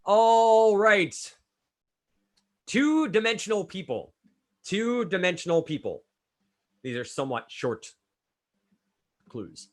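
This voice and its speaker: Male quiz host, slightly high, very animated delivery, brisk and chatty. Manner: brisk, chatty, calls on players by name. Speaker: trivia quizmaster. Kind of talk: reading trivia clues and scoring answers.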